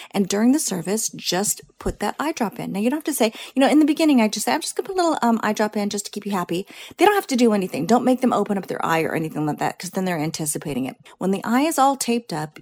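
A woman's voice: mid-range voice, a little mellow. A woman co-hosting a talk for lash artists, giving confident, coaching advice and often checking in with "right?". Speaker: lash educator, co-host. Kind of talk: instructional chat.

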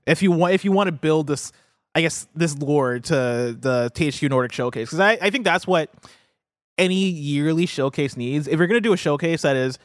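A man's voice: fairly high pitch, normal speed, dry recording, clean studio sound. A man co-hosting a casual gaming news talk show, chatting loosely with lots of fillers and reading out a release list. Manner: loose and chatty, frequent fillers, laughs easily.

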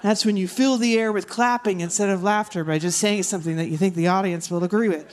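A woman doing stand-up on a live theater stage, loud, exasperated and sarcastic. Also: medium pitch, fast. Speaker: stand-up comedian. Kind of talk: stand-up set.

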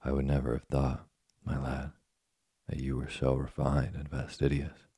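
Gentle old carpenter dad read by a man, super deep gravelly voice, calm storybook tone. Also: normal speed, dry recording, clean studio sound, exaggerated voice. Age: older. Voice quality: gravelly, husky. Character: patient, kind, poor old woodcarver father.

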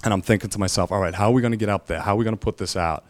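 A man telling his own story as a firefighter, halting and emotional, pausing often with fillers. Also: fairly low pitch, dry recording. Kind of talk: personal storytelling.

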